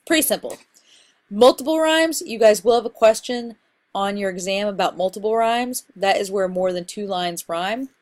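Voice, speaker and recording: A woman instructor giving a casual recorded lecture on poetry terms, explaining in a relaxed, conversational way with fillers. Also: medium pitch, normal speed. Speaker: college literature instructor.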